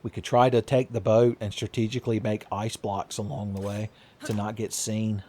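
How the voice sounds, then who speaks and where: This gaming host speaks in a lowish, darkish voice with flat delivery at a moderate pace. While he plays, he keeps up joking, foul-mouthed let's-play commentary full of laughs.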